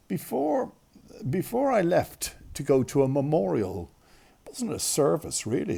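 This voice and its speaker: Man, gravelly voice, dark tone, rambling talk host. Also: mid-range voice. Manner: rambling, with restarts and asides. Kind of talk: casual monologue to listeners.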